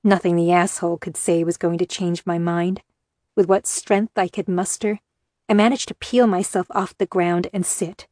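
A woman narrating a first-person novel in a measured, earnest way. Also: fairly low pitch, steady tone, darkish tone, dry recording, clean studio sound. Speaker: audiobook narrator.

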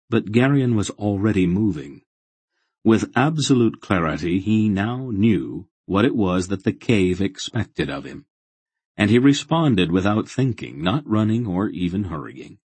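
A man reading a fantasy novel aloud in steady, measured narration. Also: sits low, slightly rough, dry recording. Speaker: audiobook narrator. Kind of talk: scripted narration.

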